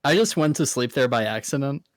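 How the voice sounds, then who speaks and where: A man's voice: medium pitch, animated, a little fast, no room sound, studio quality, lightly acted. A man playing a drunk, sleepy male medic guard in a tabletop game, stammering and repeating words. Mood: grumbling. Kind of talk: tabletop role-play in character.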